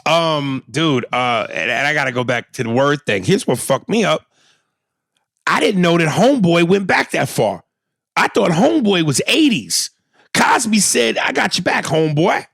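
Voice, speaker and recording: Podcast co-host: man, gravelly and fairly high voice, dry close mic. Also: moderate pace, no room sound. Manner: animated, swears freely, mimics voices. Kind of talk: casual podcast chat.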